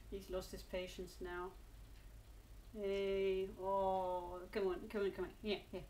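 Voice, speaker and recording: A woman's voice: mid-range voice, steady tone, takes it slowly, warm tone, slight background noise. A woman from England coaxing her cat into posing for photos, cooing and encouraging it along. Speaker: pet owner filming her cat. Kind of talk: coaxing talk to a pet.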